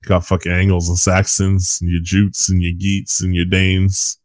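A man's voice: sits low, monotone, moderate pace, no room sound. A man co-hosting a podcast who chats casually and rambles, swearing often and laughing at his own points. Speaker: podcast co-host. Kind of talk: casual chat about a film.

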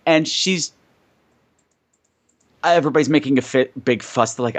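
A man's voice: medium pitch, normal speed, pauses often. A man co-hosting a podcast, chatting casually about a movie and acting out quotes in different voices. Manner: animated, acts out quotes in voices. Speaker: podcast co-host.

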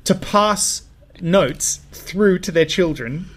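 A man co-hosting a comedy podcast in loose, casual chat. His voice sits a little high for a man, and he rambles through fillers and restarts and often breaks into laughter. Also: lively intonation, takes it slowly, a bit bright, breathy edge. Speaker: podcast co-host.

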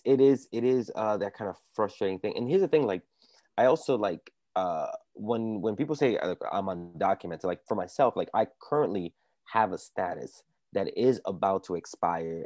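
A man's voice: low-pitched, normal speed, mellow, no room sound, studio quality. A man from the Dominican Republic, a comedian guest, telling his own story in an earnest, casual way. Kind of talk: casual conversation.

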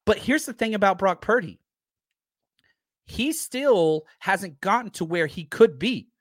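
A man with a fairly high voice runs a live sports talk stream, ranting and swearing as he jumps between thoughts. The sound is dry and close. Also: measured pace, dry recording. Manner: animated, ranting, swearing, self-interrupting. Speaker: sports talk show host.

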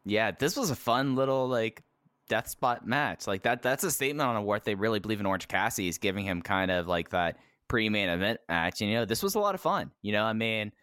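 A man's voice: lowish voice, expressive, fairly quick, fairly bright tone, smooth, dry recording, clean studio sound. A man co-hosting a wrestling podcast, rambling with frequent restarts. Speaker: podcast co-host. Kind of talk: casual wrestling recap chat.

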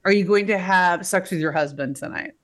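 A woman's voice: on the low side, fairly quick, background noise. Teasing, playful woman podcast host. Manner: teasing, laughing, playful questions. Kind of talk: casual podcast chat.

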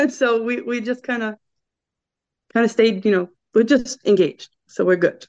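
A woman's voice: a little high, measured pace. Chatty woman telling stories, lo-fi. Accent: regional American. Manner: chatty, laughing, quotes people in lively voices. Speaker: podcast guest. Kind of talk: casual storytelling. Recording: dull lo-fi sound.

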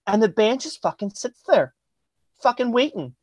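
A man's voice: high voice, very animated, moderate pace, a little mellow, husky, no room sound. A man, a guest musician, telling a rambling funny story in casual talk, swearing and laughing often.

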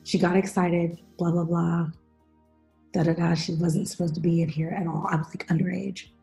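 A middle-aged woman hosting a podcast, chatting casually and telling animated stories with acted-out quotes. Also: fairly low pitch, moderate pace, vocal fry, faint music behind. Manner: animated storyteller, acts out quotes. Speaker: podcast host. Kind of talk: casual chat.

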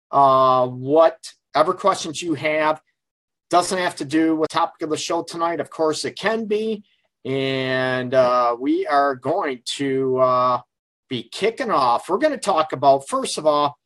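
A man's voice: a little high, a bit bright, dry recording. A middle-aged man hosting a casual live call-in radio show from his office, talking frankly and rambling with lots of fillers. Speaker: radio show host and relationship counselor.

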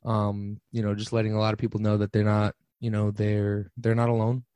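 Hesitant young man, low dry voice. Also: monotone, a little fast, warm tone, clear, resonant tone, no echo. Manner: hesitant, many ums and restarts. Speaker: podcast host. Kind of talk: casual solo podcast talk.

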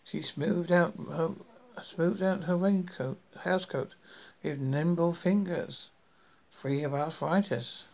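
A man hosting a horror podcast, reading a story in a slow, deliberate way. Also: a little high, creaky, darkish tone.

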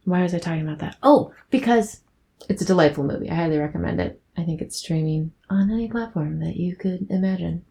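Brisk and creaky, with a fairly low pitch, a young woman rambles on her own podcast about episodes gone by. Her manner is soft-spoken, casual, and full of giggles.

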